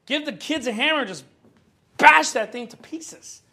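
High-voiced fervent preacher man. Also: moderate pace, gravelly, pushed and bright. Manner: fervent preaching, shifting to a low chatty storytelling tone. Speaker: pastor. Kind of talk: sermon.

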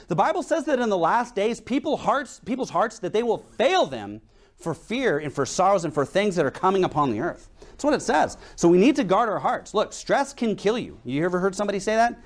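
Male preacher, young adult, higher voice, animated swings, anecdotal sermon delivery with rhetorical questions. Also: brisk.

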